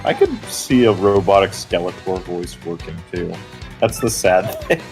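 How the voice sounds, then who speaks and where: A man chatting casually as a co-commentator on a let's-play, giving game tips and laughing often. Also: sits low. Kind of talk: casual gameplay chat.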